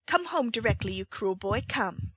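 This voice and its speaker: Young street woman, high, wailing and theatrical, storybook figure, put on by a woman. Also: animated, normal speed, husky, no echo. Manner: loud, dramatic wailing pleas.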